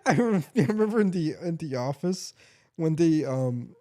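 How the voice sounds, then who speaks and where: A man co-hosting a podcast in casual chat, stammering and quick to agree. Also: a little high, expressive, warm tone. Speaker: podcast co-host.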